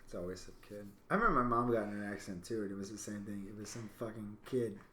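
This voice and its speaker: A podcast co-host telling a story in a casual, animated way, swearing a lot as they rant. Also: sits low, fast talker, a little hiss or hum. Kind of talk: casual chat. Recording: roomy echo.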